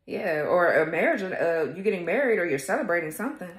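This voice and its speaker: A tarot reader with a lowish voice speaks animatedly and quickly in an echoey room. Her casual reading for viewers is blunt, sassy and laced with profanity, delivered directly to them with bursts of laughter.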